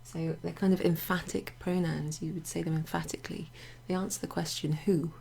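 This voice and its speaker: A woman teaching a casual French grammar lesson to her club members, chatty and relaxed, with many fillers and asides. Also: deep voice, a little fast, creaky, a little hiss or hum. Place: home near a greenhouse.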